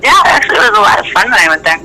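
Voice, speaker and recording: Bright-voiced woman chatting casually. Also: mid-range voice, rapid-fire, poor audio. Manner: laughs easily, relaxed and upbeat. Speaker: guest. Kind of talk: casual interview chat.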